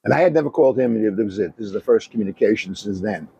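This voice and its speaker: A man, a former comedy club owner, co-hosting a casual chat and telling animated stories, swearing freely and laughing often. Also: on the low side, racing, creaky, muffled recording, a little hiss or hum.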